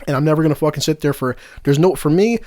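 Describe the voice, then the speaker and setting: A man's voice: fairly high pitch, fast, a little mellow, no echo, studio quality. A man hosting a casual podcast, ranting heatedly and swearing freely. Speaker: podcast host.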